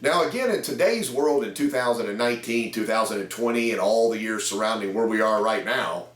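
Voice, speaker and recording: A man's voice: medium pitch, far from the mic. A man in his fifties, a sales trainer, telling folksy anecdotes about selling cars, talking to camera. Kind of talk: storytelling talk to camera. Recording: echoey room.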